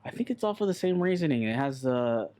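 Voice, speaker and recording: A man chatting on a podcast in a loose, rambling way, blunt and quick to swear. His voice sits at an ordinary middle pitch. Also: very animated, a loud crowd. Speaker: podcast co-host. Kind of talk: casual chat.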